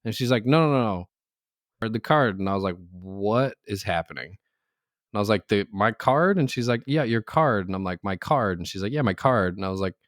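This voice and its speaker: A man's voice: on the low side, expressive, fast, no room sound, clean studio sound. A man co-hosting a casual podcast, telling anecdotes, laughing often and acting out the people he quotes. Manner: laughs through his stories, acts out quoted voices. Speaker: podcast co-host. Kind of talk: casual chat.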